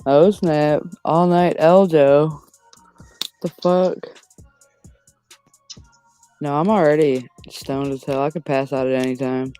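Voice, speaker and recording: A woman's voice: low-pitched, level tone, unhurried, pauses often, warm tone, clear, resonant tone, faint music behind. A woman hosting a live stream, chatting in a laid-back, teasing way. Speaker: streamer host. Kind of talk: casual chat.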